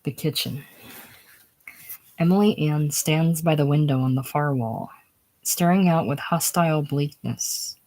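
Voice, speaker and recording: A reader giving a plain, unhurried reading of a screenplay's stage directions, now and then dropping to a whisper. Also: medium pitch, a little mellow.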